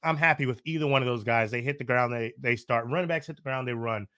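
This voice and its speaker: A man's voice: medium pitch, fast talker, bright, forceful tone, dry recording. A man co-hosting a casual sports podcast, laid-back and opinionated, using slang and laughing easily.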